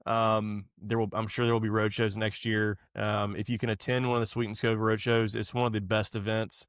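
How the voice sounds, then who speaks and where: A man's voice: fairly low pitch, flat delivery, fairly quick, fairly bright tone, smooth, no room sound. Easygoing male podcast host, dry sound. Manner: easygoing and explanatory, with fillers like uh and um. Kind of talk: casual chat.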